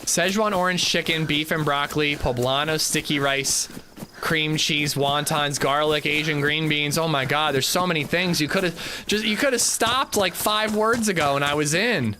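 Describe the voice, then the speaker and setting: A man chatting casually on his live game stream, thanking viewers and reading out their names in quick bursts. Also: a little high, sharp tone, a little hiss or hum.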